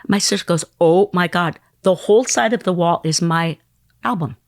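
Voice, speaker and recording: Woman, 60s, podcast guest, lively storyteller who acts out the people she quotes, dry close mic. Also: on the low side, moderate pace, no room sound. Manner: animated, acts out quoted voices.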